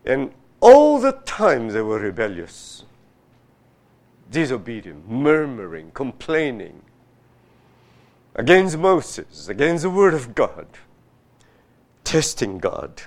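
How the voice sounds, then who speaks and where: A man preaching a sermon, reading scripture aloud and pressing his listeners with rhetorical questions in a slow, emphatic way. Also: mid-range voice, wildly swooping pitch, darkish tone. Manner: reads scripture aloud with rising force. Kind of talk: sermon, Bible exposition.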